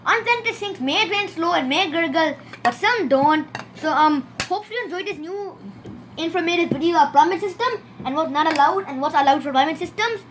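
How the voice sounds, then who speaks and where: A woman's voice: very high voice, expressive, normal speed, a bit bright, a little hiss or hum. A woman with a Canadian accent, giving a casual hands-on demonstration and pointing things out over and over with loose, repetitive phrasing. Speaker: home-made plumbing video presenter.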